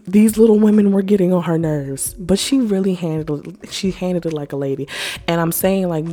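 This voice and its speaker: Young woman going off on a tv rant, slangy and cussing, kinda low voice, little music in the back. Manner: animated, profane, slangy storytelling. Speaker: vlogger. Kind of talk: casual TV rant.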